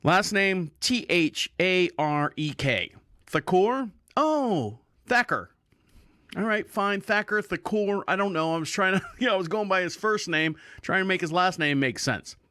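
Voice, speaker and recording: A man's voice: high voice, moderate pace, hardly any pauses, clean tone, no echo, clean studio sound. A middle-aged man hosting a podcast, telling a casual story and acting out the voices of the people in it. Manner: animated, acts out voices of others in quotes. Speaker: podcast host.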